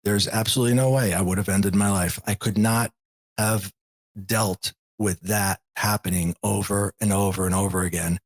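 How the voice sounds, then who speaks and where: A man in his forties, a podcast guest, candidly retelling a personal story with lots of quoted dialogue in a husky voice. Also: fairly low pitch, steady tone, normal speed. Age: 40s. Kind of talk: storytelling in an interview.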